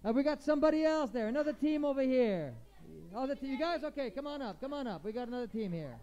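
A man from Canada, a visiting English teacher, warmly hosting a class of children and calling them up to present. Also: extremely high pitch, fast talker, muffled recording. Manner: lively, encouraging, calls students up. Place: school classroom.

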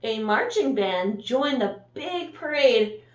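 A woman's voice: on the high side, lively intonation, takes it slowly, echoey room, distant mic. A woman teacher reading a picture book aloud to her class in a storytime voice, gasping and asking the children questions. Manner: warm, sing-song, gasps and asks the listeners questions.

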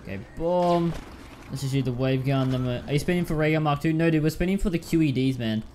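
A man's voice: fairly high pitch, fast talker, warm tone, slight background noise. A man giving casual commentary while playing a video game, repeating himself and calling listeners dude and man. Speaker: gaming YouTuber.

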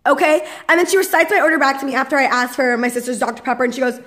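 A woman's voice: high-pitched, steady tone, rapid-fire, fairly bright tone, rough recording. A young woman vlogger telling a story to camera in a chatty, exasperated way, filling her talk with "like". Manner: chatty and exasperated, heavy use of "like".

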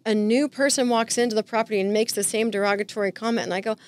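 Playful woman guest, slightly high voice. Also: steady tone, fast, a little mellow. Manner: playful, dry sarcastic humor. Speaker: podcast guest, realtor. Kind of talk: casual chat.

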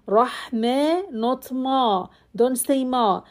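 Slow, mellow-voiced woman teaching recitation. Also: on the high side. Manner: slow, drawn-out, corrective, repeats sounds.

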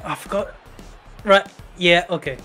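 High-voiced gamer, mock-pompous taunts. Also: male voice, a little slow, bright, forceful tone, faint music behind. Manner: playful, mock-pompous, laughs often. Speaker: gamer playing a wrestling manager. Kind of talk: casual let's-play chat, mock villain taunts.

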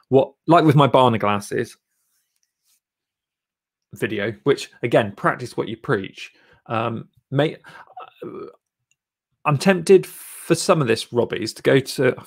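Man, live-stream channel coach, rambling, lots of ums, encouraging, mid-pitched voice. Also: vocal fry. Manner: rambling, filler-heavy, encouraging. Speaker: YouTube channel coach and host.

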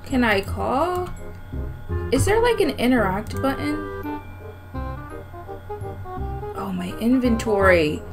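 A young woman commentating a horror game, her high voice swinging widely as she exclaims, curses and giggles nervously. She talks at an unhurried pace, and music plays behind her. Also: very animated. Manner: jumpy, exclaims and swears often, nervous giggling. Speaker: gaming video host.

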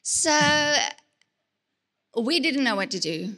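A woman's voice: on the high side, sing-song, slow pace, pushed and bright. A woman speaking earnestly at a church marriage talk, often repeating words as she goes.

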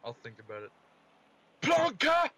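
A man reading a visual novel aloud in a flat deadpan, slipping quick, crude jokes into muttered asides. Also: medium pitch. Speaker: gameplay commentator.

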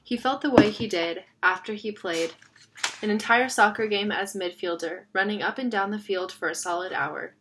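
A woman reading a children's novel aloud in a steady storytelling manner, stumbling over a word now and then. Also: medium pitch, moderate pace, slight background noise. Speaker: narrator.

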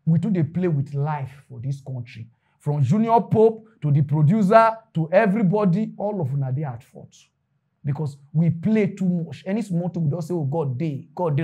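A man with a Nigerian Pidgin accent giving animated, preachy commentary. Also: fairly high pitch, moderate pace, husky, muffled recording. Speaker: commentary host. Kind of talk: casual commentary.

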